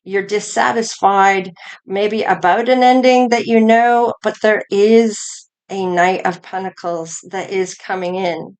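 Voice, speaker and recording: A woman's voice: mid-range voice, fairly even intonation, a little mellow, smooth. A woman giving a collective tarot reading, musing aloud as she turns over each card. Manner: slow, musing, thinking aloud between cards. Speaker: tarot reader.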